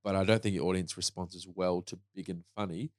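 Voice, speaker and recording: A man's voice: low voice, fairly even intonation, fast talker, no room sound, studio quality. A man co-hosting a podcast who explains public-speaking tips one numbered point at a time. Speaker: podcast co-host. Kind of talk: casual advice chat.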